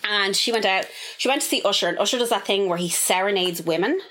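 A woman co-hosting a podcast, telling a gossip story in an animated, swearing, casual way. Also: medium pitch, fast. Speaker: podcast co-host. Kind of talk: casual chat.

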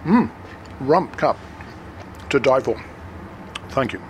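A man's voice: medium pitch, lively intonation, slow, slight background noise. A man, a radio guest talking about food, hesitant with many fillers and restarts. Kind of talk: casual radio chat.

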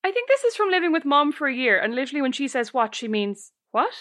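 A woman with a bright, fairly high voice chatting on a podcast. She teases her co-host with dry, deadpan quips, keeping a relaxed conversational pace. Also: fast. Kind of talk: casual chat.

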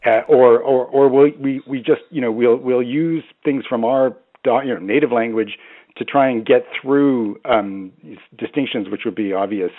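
A man's voice: medium pitch, moderate pace, phone-quality sound. A man speaking as a language expert on a radio phone-in, hesitant with many restarts and fillers.

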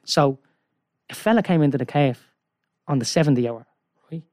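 A man telling a long, rambling story in casual chat, excitable and peppering his talk with "right?". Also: on the high side, moderate pace. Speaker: guest.

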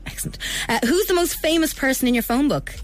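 A woman hosting a radio show, running a quick quiz with a bubbly, laughing manner. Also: sits high, lively intonation, faint music behind. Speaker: radio host.

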